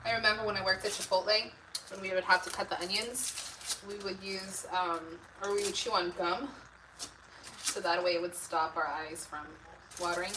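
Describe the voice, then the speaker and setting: A woman with a mid-range voice hosts a live cooking stream from her home kitchen, chatting casually and reading viewer comments aloud at a moderate pace. Her tone stays steady, though she's recorded from a distance amid loud kitchen background noise.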